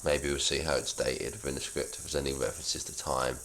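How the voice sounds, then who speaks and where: A young man reading his own old script aloud in a flat, halting way, with self-mocking asides. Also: extremely low pitch, slight background noise.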